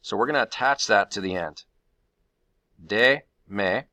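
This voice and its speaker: A man teaching a Spanish grammar lesson, walking through the steps of each rule with frequent fillers and pauses. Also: fairly low pitch, expressive, sharp tone.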